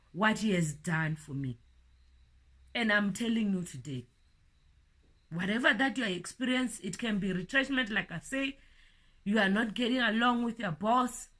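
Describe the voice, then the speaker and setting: Middle-aged woman preacher, earnest and heartfelt, mid-pitched voice. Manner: earnest, repeats words, rises in emphasis then drops soft. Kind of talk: informal sermon.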